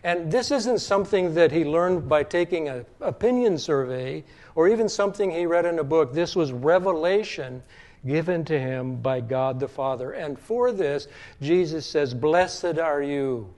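A man with a slightly high voice delivers a sermon as a preacher. He talks in a measured teaching tone and slows down to give weight to the verses he quotes. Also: lively intonation, darkish tone. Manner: measured teaching tone with slow emphatic scripture quotes.

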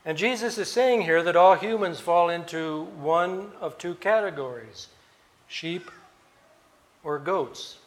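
A man preaching a sermon as a pastor, reading scripture slowly with emphatic pauses. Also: sits high. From United States.

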